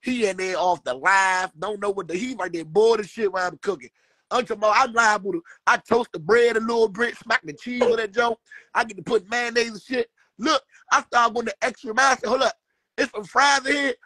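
A man's voice: high-pitched, fairly quick, bright, forceful tone, dry recording. A man with a DC-area accent, telling a story on a livestream in laid-back slang, often tagging lines with "bro". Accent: Washington DC area. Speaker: streamer co-host.

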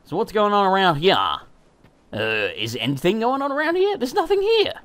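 A man's voice: high voice, sing-song, normal speed, a bit bright. A man giving gameplay commentary, ranting in frustration, swearing a lot and laughing at himself. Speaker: let's play gamer.

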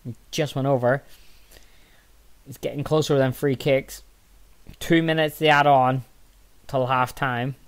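Man, tired and yawning, casual game commentary, low mutters, sudden excited shouts. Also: clean tone. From Northern Ireland. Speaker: gaming channel host.

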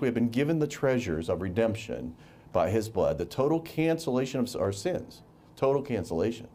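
Male preacher, mellow voice, lively pitch, emphatic sermon delivery with repeated words.

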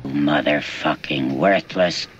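A man putting on the voice of a snarling, vulgar possessed demon, slow and growling, in a dull, echoing room. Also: rumbling low, fairly bright tone, a little hiss or hum, voice pushed down, full character voice. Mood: menacing. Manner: slow, growling, spitting insults. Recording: roomy, slightly dull echo.

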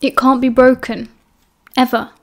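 A woman with a British accent voicing an earnest, determined teenage male wizard who talks urgently but tries to stay calm. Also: high voice. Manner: urgent, hurried but steady.

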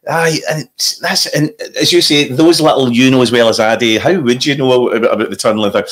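A Scottish man chatting in a podcast, telling animated stories full of gangster impressions. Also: medium pitch, fairly quick. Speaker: guest comedian. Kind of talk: casual chat with impressions.

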